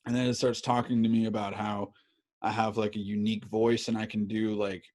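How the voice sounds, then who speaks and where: A man's voice: lowish voice, fairly quick. A man in his thirties hosting a podcast, telling a story in casual chat full of swearing and fillers. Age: 30s. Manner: animated, swears a lot, many fillers. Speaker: podcast host.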